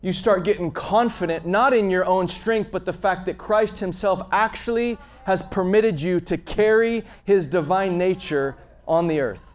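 A man preaching a conversational sermon, earnest and storytelling, swinging between emphatic lines and hushed asides. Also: sits high, measured pace, hardly any pauses. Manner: frequent fillers and restarts, storytelling.

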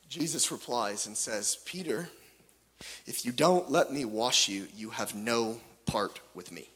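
A man preaching a sermon with passion, swinging from loud pleading to hushed tones, with joking asides. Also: mid-range voice, expressive, unhurried, breathy edge. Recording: long hall reverb.

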